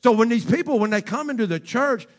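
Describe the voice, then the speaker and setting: A man preaching a fervent sermon as pastor, speaking straight to his congregation in folksy phrasing and moving between quiet talk and shouting. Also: extremely high pitch, animated, fast.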